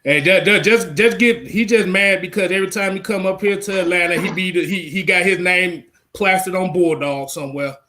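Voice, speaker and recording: Man, high bright voice, joking sports co-host who keeps repeating himself. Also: a little fast, hardly any pauses. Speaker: podcast co-host. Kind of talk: casual sports banter.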